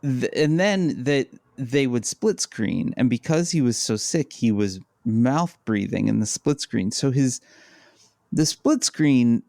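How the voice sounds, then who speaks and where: A man co-hosting a podcast, giving slow, deliberate commentary in casual chat. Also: mid-range voice, animated, gravelly, darkish tone, no echo, clean studio sound. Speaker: podcast co-host.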